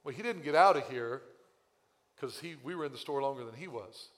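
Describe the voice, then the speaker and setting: A man preaching a sermon as pastor, telling a story with animated asides, his voice a little strained after losing it. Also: mid-range voice, fairly quick. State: recovering voice, slightly strained. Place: church sanctuary. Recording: long church hall reverb.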